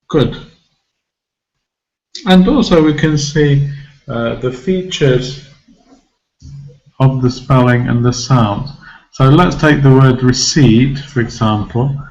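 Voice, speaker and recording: A man teaching English pronunciation, taking his time and going through each point step by step. He repeats example words and puts questions to his learners. His voice sounds slightly dull and muffled, as if captured on a modest classroom recorder. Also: medium pitch.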